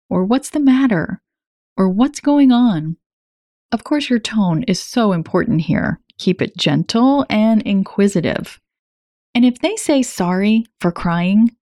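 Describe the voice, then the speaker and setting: A woman in her forties hosts a self-help podcast, talking to the listener in a warm, encouraging, conversational way. Her voice sits in a middle register and is recorded close on a studio mic with a dry sound and no room around it. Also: mid-range voice, no echo. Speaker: podcast host.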